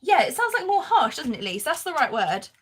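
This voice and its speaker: A woman hosts a live crafting stream, chatting casually as she works. Her voice sits a little high, and she laughs often while reading out and answering comments from viewers. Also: big pitch swings, brisk.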